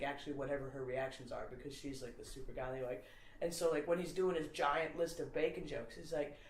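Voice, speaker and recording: Rambling woman in an echoey room. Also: deep voice. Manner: rambling, with many fillers of "like". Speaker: podcast guest explaining a comedy idea. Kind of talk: casual conversation.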